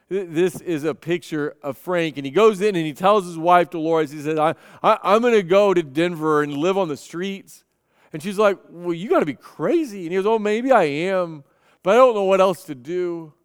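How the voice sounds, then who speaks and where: Man preaching, earnest storyteller, high voice, dry close sound. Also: moderate pace, smooth, dry recording, in a large hall. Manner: earnest storytelling with frequent repeated starts. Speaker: pastor. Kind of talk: sermon.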